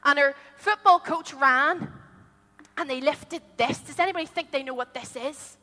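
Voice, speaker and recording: Bright, high-voiced woman telling children a story. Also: moderate pace. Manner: animated, asks children questions. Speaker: children's storyteller at a church holiday club. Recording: long hall reverb.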